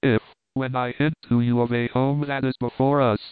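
A man's voice: mid-range voice, little pitch movement, moderate pace, smooth, no room sound, natural voice. A man reading the lines of a devoted young woman, earnest and pleading, heard over a tinny phone-like line. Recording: dry tinny phone-like sound.

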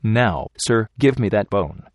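A stubborn, tender young woman who coaxes slowly and insistently, voiced by a male audiobook reader. The voice stays low and close, recorded dry. She is soft yet firm. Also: expressive, no room sound. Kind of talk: audiobook character reading.

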